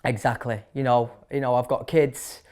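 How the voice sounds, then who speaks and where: A man's voice: medium pitch, fairly even intonation, normal speed, darkish tone. A man in his thirties with a Manchester accent, a barber telling his story in a casual interview, blunt and chatty with many fillers and restarts. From Manchester, England. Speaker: barber and shop owner, interview guest.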